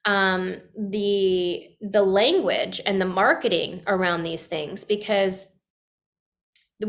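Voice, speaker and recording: A woman guest on a podcast telling a personal story in a casual, animated way, with many fillers and restarts and acted-out quotes. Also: medium pitch.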